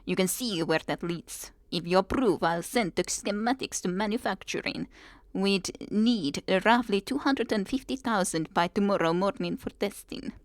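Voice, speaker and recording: A woman's voice: medium pitch, moderate pace, dry recording, lightly acted. Woman doing a mock-Russian lab scientist. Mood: earnest. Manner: reads the letter in a put-on accent.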